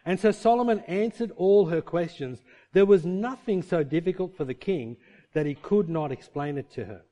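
High-voiced man preaching. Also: moderate pace. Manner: conversational preaching with rhetorical questions; animated, shifting pace for emphasis. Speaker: pastor. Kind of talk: sermon.

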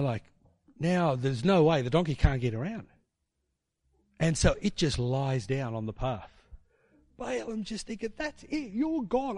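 A man's voice: on the high side, no room sound. A man preaching a sermon in a casual storytelling way, with fillers and tag questions.

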